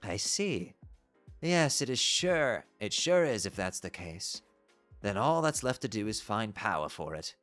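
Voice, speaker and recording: A man's voice: lowish voice, sing-song, a little slow, fairly bright tone, soft background music, pitched below the performer's own voice. A man reading aloud as a grumbling, determined young adventurer in a put-on British accent.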